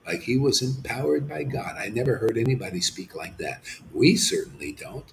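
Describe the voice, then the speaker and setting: A man giving an impassioned devotional sermon as a spiritual teacher. He swings between fervent near-shouts and hushed murmurs, and he talks emphatically and repeats himself, dropping in a slangy "man". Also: mid-range voice, animated, normal speed, reverberant, a little hiss or hum, low-quality recording.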